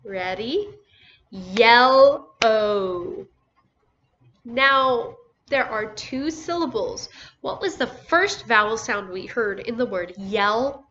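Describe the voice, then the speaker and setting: Brief: woman teacher for small kids, bright higher voice, patient syllable-by-syllable phonics delivery. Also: animated. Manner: slow, sounds out words syllable by syllable. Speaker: first grade teacher. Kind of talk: recorded phonics lesson for young children. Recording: dull lo-fi recording with faint noise.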